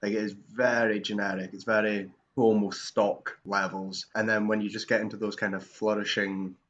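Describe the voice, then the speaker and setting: A man's voice: fairly low pitch, level tone, normal speed, a bit bright. A man co-hosting a comedic film podcast, talking bluntly and swearing, often laughing. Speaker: podcast co-host. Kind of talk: casual comedic film chat. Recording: dull lo-fi mic.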